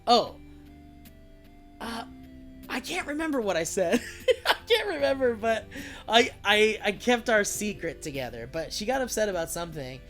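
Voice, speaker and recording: A man's voice: high-pitched, sing-song, moderate pace, long pauses, a bit bright, soft background music. A man chatting casually while live-streaming a video game, rambling, joking and swearing freely as he talks to his chat. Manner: rambling, profane, jokey.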